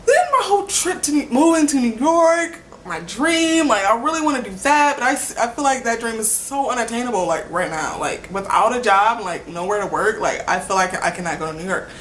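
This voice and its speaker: A woman's voice: medium pitch, animated, brisk, few pauses, a bit bright. A young woman talks in a loose, rambling vlog, filling nearly every phrase with "like" and laughing between thoughts. Her voice sits in a middle register. A faint hiss runs underneath. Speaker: vlogger. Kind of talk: casual rambling vlog chat.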